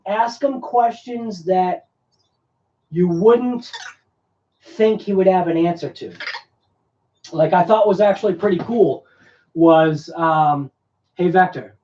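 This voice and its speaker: A man's voice: sits high, slow pace, long pauses, dark tone. Rambling, jokey man in an echoey room. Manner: rambling, jokey, laughs often. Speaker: live stream host. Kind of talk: casual live stream chat. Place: room at home. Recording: echoey room, distant dull mic.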